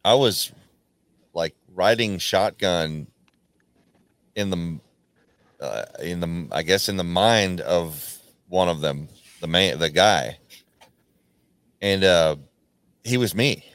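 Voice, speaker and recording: A man hosting a podcast, telling a rambling, profane story in casual chat, often restarting his sentences and acting out quoted lines in a louder, higher voice. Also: takes it slowly, pauses often, no room sound. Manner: acts out quoted lines with sudden jumps in pitch. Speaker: podcast host.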